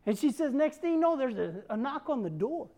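High-voiced woman preaching a sermon. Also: a little fast. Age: 50s. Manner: animated, acts out quoted voices.

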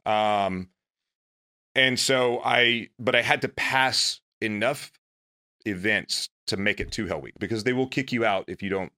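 Man, casual storytelling, self-deprecating, bright lower voice. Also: measured pace. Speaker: former Navy SEAL guest.

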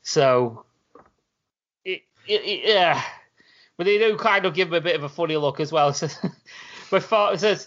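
A man's voice: fairly high pitch, normal speed, pauses often, fairly bright tone, lo-fi sound. A man co-hosting a podcast in casual chat, laughing often and repeating himself for emphasis. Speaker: podcast co-host.

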